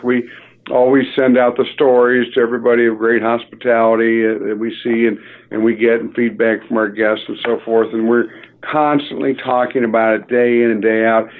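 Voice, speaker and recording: Man telling a story, phone-like sound. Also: mid-range voice. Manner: frequent filler words, acts out dialogue. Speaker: restaurant company leader. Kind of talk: anecdotal storytelling. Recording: narrow phone-like radio audio.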